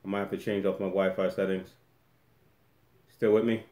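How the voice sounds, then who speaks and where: A man's voice: low voice, flat delivery, normal speed, mellow, echoey room. A man hosting a casual live-stream Q&A from a room at home, rambling and restarting often as he reads the chat aloud. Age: adult with a daughter.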